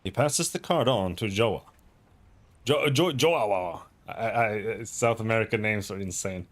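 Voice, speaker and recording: A man's voice: on the low side, normal speed. A man livestreaming a story game, reading the dialogue aloud and riffing loosely. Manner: animated, reads dialogue aloud and riffs loosely. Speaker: streamer playing a story game.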